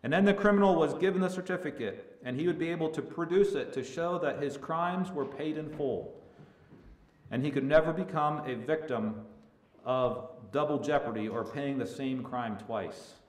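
A man's voice: fairly high pitch, normal speed. Man preaching in an echoey room. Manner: swells from hushed to loud, stretches key words. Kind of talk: sermon. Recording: echoey room with faint ambience.

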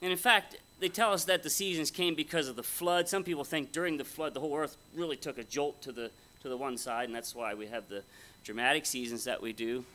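A man's voice: mid-range voice, fairly quick, hardly any pauses, pushed and bright. A man preaching a conversational, folksy sermon at a Bible conference, often asking his audience questions. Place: conference hall before an audience.

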